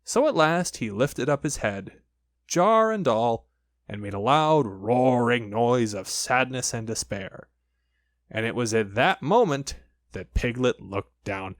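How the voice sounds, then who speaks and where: A man reading a children's storybook aloud, with lively, expressive storytelling. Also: medium pitch, a little slow, no echo, clean studio sound. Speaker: audiobook narrator.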